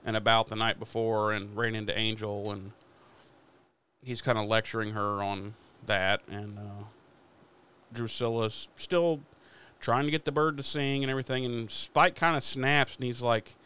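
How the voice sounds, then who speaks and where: A man casually retelling a TV episode for a podcast, swearing often and slipping into quick quoted lines. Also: on the low side, fairly even intonation, pushed and bright, smooth. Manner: swears freely while retelling episode scenes. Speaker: podcast host. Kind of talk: casual recap chat.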